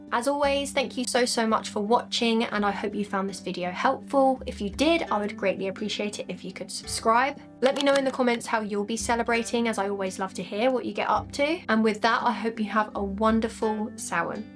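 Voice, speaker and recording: A young woman from the UK, giving gentle, encouraging scripted narration as a spiritual lifestyle creator. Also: medium pitch. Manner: gentle and encouraging, laughs at own slip-ups in outtakes.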